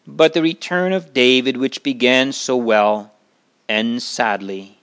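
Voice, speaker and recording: A man tells a Bible story at an unhurried, deliberate pace. His voice is smooth and clear, and he breaks off now and then to judge the characters with earnest moral asides. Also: mid-range voice, a bit bright.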